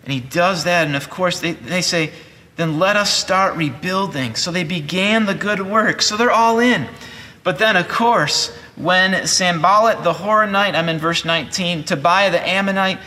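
A man's voice: sits high, normal speed, bright, forceful tone. A man in his forties preaching a sermon as pastor, earnest and conversational with frequent restarts. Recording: long hall reverb.

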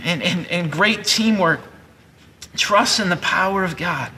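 A man's voice: high-pitched, a little slow, sharp tone. A man in his forties preaching a sermon as pastor, earnest and conversational with frequent restarts. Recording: long hall reverb.

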